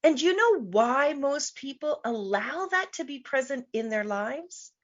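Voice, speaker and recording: A woman's voice: high-pitched, animated, unhurried, muffled recording. A woman business coach hosting a live online show, speaking emphatically and repeating her key points. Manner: emphatic, repeats key phrases, laughs easily.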